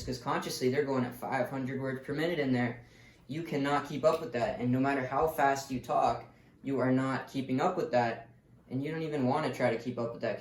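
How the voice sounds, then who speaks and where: A man's voice: mid-range voice, a little mellow, distant mic. A man teaching sales in a loose, blunt way, swearing often as he talks. He sounds a little away from the mic in a roomy, echoing space. A faint hiss sits underneath. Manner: casual, blunt, swears freely. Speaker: sales coach. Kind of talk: motivational sales lesson.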